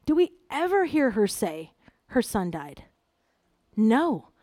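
In this sermon, a middle-aged woman speaks at a slow pace, shifting from quiet storytelling to loud, emphatic calls in an animated delivery. Her voice sits fairly high, and the close recording is dry.

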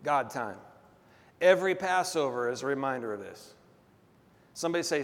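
A male pastor preaching a sermon with call-and-response and drawn-out emphatic phrases, in a large church hall. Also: mid-range voice, animated. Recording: long reverb of a big hall.

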